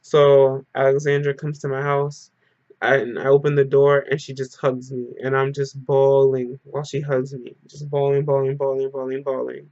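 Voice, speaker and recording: A vlogger speaks straight to camera in a casual storytime vlog, telling an emotional story packed with "like." His voice is medium-pitched, level and darkish at a normal speed, and the recording is dull, lo-fi and dry with no room sound.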